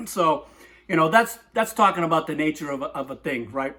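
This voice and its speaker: Slightly high-voiced man, comic poetry host, rambling and tangential, keeps tossing in "right?". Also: animated, brisk, bright, forceful tone. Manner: rambling, digressive, lots of "right?".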